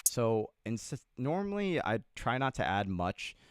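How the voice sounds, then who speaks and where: A man's voice: mid-range voice, big pitch swings, unhurried, loud music behind the voice. A young man livestreaming a beat-making tutorial, chatting casually with his chat, joking and swearing a lot. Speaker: music producer livestreamer.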